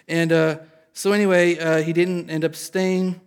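A male pastor from Indiana telling an audience a personal story in an animated, self-deprecating way. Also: fairly high pitch, normal speed, vocal fry.

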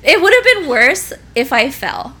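A woman's voice: high voice, sing-song, measured pace, sharp tone. A pregnant young woman telling an embarrassing story in casual chat, laughing often and swearing freely.

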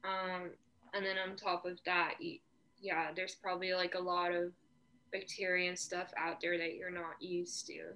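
A young woman from Portugal chatting casually as a guest, telling stories in a relaxed way with lots of fillers. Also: on the low side, unhurried. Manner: relaxed storyteller, many fillers. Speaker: guest surfer. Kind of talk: casual chat.

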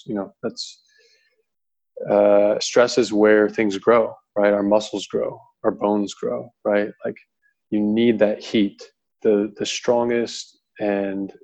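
A man's voice: lowish voice, a little mellow, poor audio. A man in his thirties, a coach answering on a panel, talking earnestly and rambling with lots of fillers. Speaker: pitching coach.

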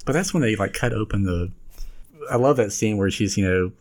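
A man's voice: lowish voice, a little fast, a little mellow. A man co-hosting a casual chat, talking in a rambling, chatty way and laughing often. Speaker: podcast co-host.

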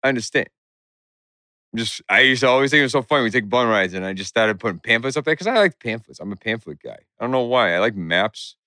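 A man's voice: mid-range voice, lively intonation, quick pace, bright, forceful tone, no room sound, studio quality. A young man in casual chat, laid-back and rambling, laughing along.

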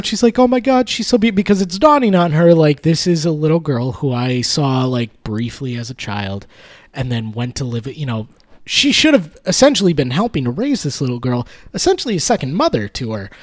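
A man co-hosting a casual movie review chat, animated, laughing often and swearing freely. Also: fairly high pitch, moderate pace. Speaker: podcast co-host.

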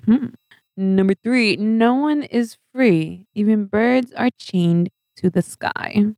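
A woman hosts her own casual podcast, reading out a list of facts and quotes. She giggles at her own jokes and drifts into chatty asides. Her voice sits at a medium pitch and sounds close and dry, with no room around it. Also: slow pace, darkish tone, no room sound. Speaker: podcast host.

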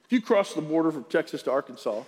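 A man's voice: fairly high pitch, lively intonation, fast, a little mellow, slightly rough. A man preaching a conversational sermon to his congregation in a church service, mixing scripture reading with jokes. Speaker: pastor. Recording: long church-hall reverb.

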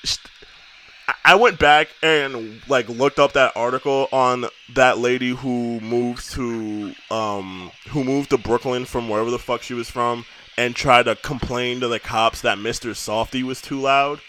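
A man's voice: mid-range voice, steady tone, unhurried, a bit bright, a little hiss or hum. Heated New guy ranting. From New York. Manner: heated, rambling rant with lots of swearing. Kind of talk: casual chat.

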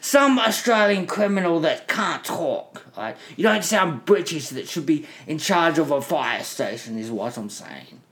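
A man's voice: fairly high pitch, lively intonation, unhurried, hardly any pauses, fairly bright tone. A man putting on a pompous mock-posh English firefighter. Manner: put-on toff English voice, "Gov", "blimey". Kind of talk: improvised comedy role-play.

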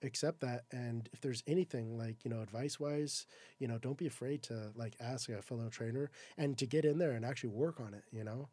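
A man who works as a wind tunnel instructor, chatting as a podcast guest in a relaxed way, with lots of "you know" and "like.". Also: mid-range voice, brisk, slightly rough, no echo. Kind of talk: casual podcast chat.

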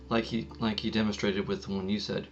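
A man's voice: lowish voice, little pitch movement, fairly quick. A man co-hosting a podcast, chatting in a dry, teasing way, heard on a dull lo-fi mic with a faint hum. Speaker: podcast co-host. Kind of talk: casual chat.

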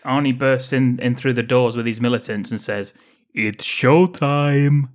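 A man's voice: mid-range voice, fairly even intonation, a little fast. A man co-hosting a casual film podcast, recapping the plot with dry jokes and casual swearing. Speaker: podcast co-host. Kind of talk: casual film-review chat.

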